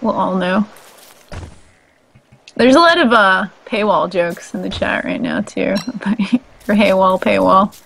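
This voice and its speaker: A woman's voice: medium pitch, takes it slowly, gravelly, long pauses, a bit bright, poor audio. A woman co-hosting a let's play stream, chatting casually and playfully reading out the chat. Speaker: stream co-host.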